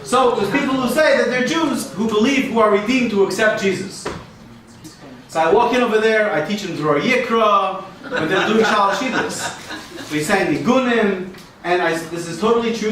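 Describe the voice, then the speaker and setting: A man's voice: high-pitched, fairly bright tone, distant mic, slight background noise. A man performing a rambling stand-up set for a live audience, joking and sprinkling in Yiddish and Hebrew terms. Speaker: stand-up comedian. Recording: echoey room recorded from afar.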